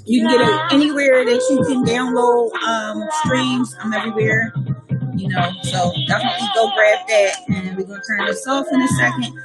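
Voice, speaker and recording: A woman's voice: on the high side, animated, moderate pace, loud music behind the voice. A woman hosting her own live radio talk show, chatting loosely and casually with her listeners.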